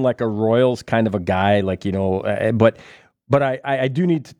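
Male radio host, loose chatty delivery, dry studio sound, soft music bed underneath. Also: medium pitch, expressive, moderate pace, no room sound. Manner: loose and hesitant, with fillers. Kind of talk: casual radio banter. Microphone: studio mic.

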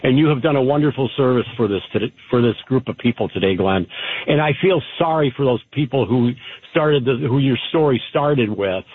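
A man calling in to a radio show, speaking warmly and gratefully. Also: mid-range voice, lively intonation, fairly quick, breathy edge, dry recording. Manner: warm, grateful and heartfelt. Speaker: caller. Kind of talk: call-in radio talk. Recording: tinny phone line.

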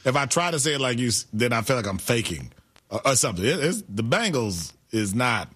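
Hesitant male co-host, husky, lively pitch. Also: brisk. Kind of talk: sports talk radio banter.

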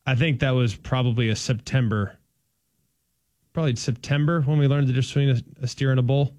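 A man's voice: mid-range voice, fast talker, no echo. A man co-hosts a sports talk show, telling stories in a playful, emphatic way. His voice is recorded close and dry, with no room sound around it. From Dallas-Fort Worth, Texas. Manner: animated, playful, emphatic storytelling. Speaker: sports radio co-host.

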